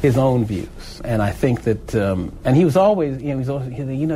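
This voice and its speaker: Older man recalling stories, halting restarts. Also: mid-range voice, expressive, mellow, soft background music. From Philadelphia. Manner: storytelling, hesitant restarts, laughs easily. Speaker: interviewee, former activist. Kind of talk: oral history interview, recalling.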